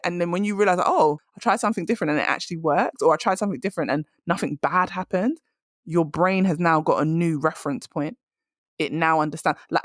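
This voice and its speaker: A woman's voice: lowish voice, no echo, clean studio sound. A woman hosting a podcast, giving direct, emphatic career advice in a casual monologue. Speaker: career coach and podcast host.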